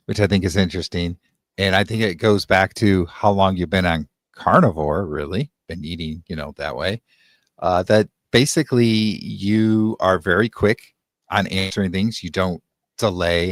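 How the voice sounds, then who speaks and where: Male talk-show host, low voice, hesitant and filler-heavy, dry recording. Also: normal speed, no echo. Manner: hesitant, lots of ums and restarts. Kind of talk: casual conversation on a live stream.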